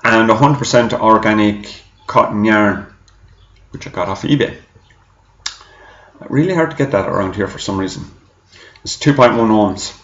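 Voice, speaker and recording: Low-voiced man chatting in an echoey room. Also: normal speed, pauses often, a bit bright. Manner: chatty, rambling, self-correcting. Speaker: e-juice reviewer. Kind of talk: casual product review. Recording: echoey room, dull lo-fi sound.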